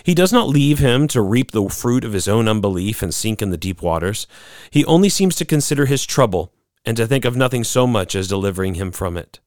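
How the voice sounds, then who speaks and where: Earnest low-voiced male preacher, dry sound. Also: a little fast, no echo. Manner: earnest, lively delivery with dramatic quoted voices. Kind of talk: sermon.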